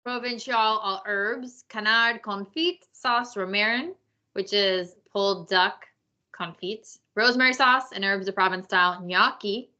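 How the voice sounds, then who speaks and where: A woman co-hosting a podcast in casual chat, giving quick, blunt opinions and pronouncing French dish names. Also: mid-range voice, sharp tone, lo-fi sound. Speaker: podcast co-host.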